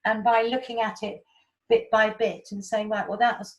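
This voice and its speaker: A woman giving animated, chatty spiritual guidance and explaining with homely analogies. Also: medium pitch, normal speed, low-quality recording. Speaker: spiritual guide. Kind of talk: casual spiritual talk.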